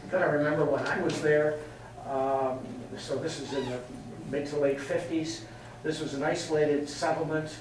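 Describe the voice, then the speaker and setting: An older man from England gives a chatty, anecdotal talk, his voice sitting a little high for a man. He is picked up from a distance in a very echoey hall, with a faint hiss of noise underneath. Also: fairly even intonation, normal speed. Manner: anecdotal, chatty, laughs at his own stories. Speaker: guest speaker. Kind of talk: storytelling talk. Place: meeting hall.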